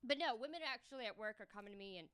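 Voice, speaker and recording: A woman's voice: fairly high pitch, expressive, racing, fairly bright tone, smooth, no room sound. Brash, crude woman doing stand-up. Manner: crude, brash punchlines with big vocal jumps. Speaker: stand-up comedian. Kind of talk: stand-up comedy set. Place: comedy stage before a live audience.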